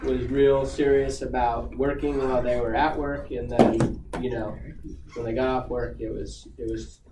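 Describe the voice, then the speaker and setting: A man's voice: mid-range voice, little pitch movement, normal speed. A man speaking as a guest to students in a casual, rambling way, full of fillers and restarts. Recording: echoey room, far from the mic, noisy.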